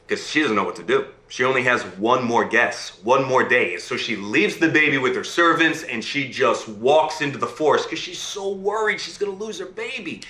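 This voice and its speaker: A man on a video call telling a fairy tale aloud in a lively storytelling manner, checking in with his listener as he goes. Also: medium pitch, echoey room.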